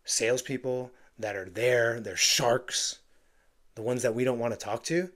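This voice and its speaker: A man's voice: mid-range voice, steady tone, a little slow, a bit bright. A man coaching real estate agents on phone sales, talking emphatically and acting out bits of phone calls. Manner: emphatic, acts out phone calls with playful voices. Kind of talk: direct-to-camera sales coaching.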